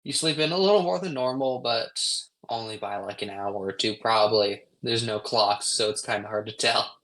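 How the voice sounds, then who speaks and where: A man's voice: on the low side, moderate pace, poor audio. A man narrating as game master in a tabletop role-playing session, with loose, filler-heavy delivery. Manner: relaxed, rambling narration with fillers.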